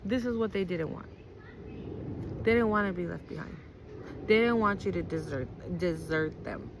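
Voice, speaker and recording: A woman's voice: lowish voice, normal speed, background noise. A woman giving a casual tarot reading to her viewers, blunt and profane, repeating her points with a frequent "okay?". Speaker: tarot card reader.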